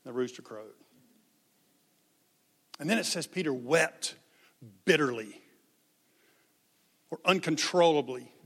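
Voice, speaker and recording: Man, pastor, high voice, casual animated sermon, long hall reverb. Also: takes it slowly, long pauses. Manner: conversational, animated, acts out quotes.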